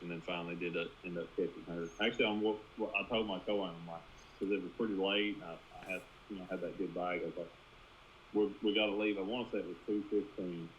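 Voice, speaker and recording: A man's voice: sits low, steady tone, quick pace, fairly bright tone, highs cut off, a little hiss or hum. A man, a guest angler, recounting a tournament in a laid-back, rambling way. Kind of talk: casual chat.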